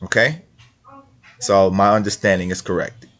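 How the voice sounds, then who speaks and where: A man with a fairly low voice gives casual commentary on religious texts. He keeps repeating his main point and throws in questions like "right?". He reads passages aloud between his remarks. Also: steady tone, normal speed, a bit bright. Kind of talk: casual screen-share commentary.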